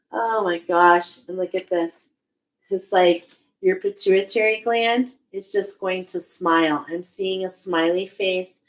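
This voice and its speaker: Slow, low-voiced woman reading oracle cards. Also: low-quality recording. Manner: slow, searching, emotional, many restarts. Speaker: oracle card reader. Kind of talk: spiritual card reading.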